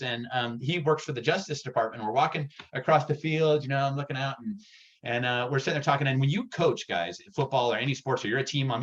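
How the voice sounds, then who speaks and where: Excitable man coaching a sales workshop. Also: medium pitch. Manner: energetic, excitable, punchy and direct. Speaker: real estate sales coach. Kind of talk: workshop presentation. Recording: dull lo-fi recording.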